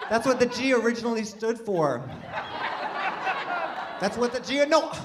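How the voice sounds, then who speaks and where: A man's voice: sits high, animated, normal speed, heavy background noise. A man doing chatty self-deprecating stand-up. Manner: chatty, self-deprecating, rambling with frequent restarts. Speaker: stand-up comedian. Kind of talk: stand-up comedy set. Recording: live room with audience laughter. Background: audience laughter.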